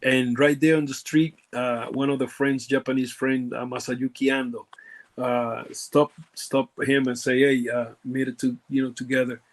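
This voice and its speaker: Puerto Rican man telling halting stories. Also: medium pitch, level tone. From Puerto Rico. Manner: halting, lots of fillers and restarts, broken grammar. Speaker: guest, former pro wrestler. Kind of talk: casual storytelling interview.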